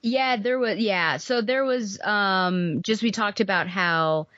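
A woman's voice: medium pitch, slow pace, a bit bright, no echo, muffled recording. A woman co-hosting a podcast, talking casually about books, rambling with many fillers. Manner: chatty, rambling with "like" and "um". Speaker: podcast co-host. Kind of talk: casual book-club chat.

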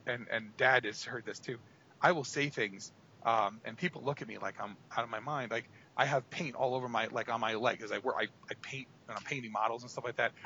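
A man with a bright, forceful voice chats casually as a podcast co-host. He rambles through long stories, packing them with "you know" and "like". The audio is dull and lo-fi. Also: mid-range voice, slight background noise. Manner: rambling, filler-heavy storytelling. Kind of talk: casual chat.

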